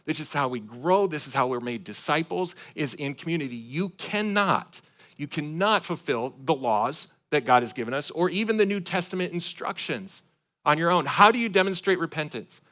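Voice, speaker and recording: A man from Michigan preaching a sermon to his congregation, swinging between loud emphatic points and quiet asides. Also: a little high, expressive, a little fast. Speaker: pastor. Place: church sanctuary.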